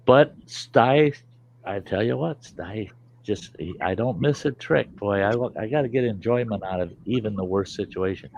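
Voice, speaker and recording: Host type: a low, gravelly man who tells salty, rambling stories in casual chat, on dull lo-fi stream audio. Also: moderate pace, slight background noise. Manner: salty, rambling anecdotes with lively quoted voices.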